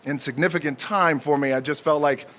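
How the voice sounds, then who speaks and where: At an outdoor ceremony before a crowd, a man accepting an honor gives an unscripted, jokey speech that halts along with many fillers, clearly from the heart. His voice is a little high and steady in tone, and heavy background noise surrounds it.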